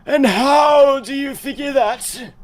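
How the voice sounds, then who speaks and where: A man voicing a pompous old ambassador and former army officer in an improvised game dub, speaking in inverted, halting phrases. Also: very high voice. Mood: smug.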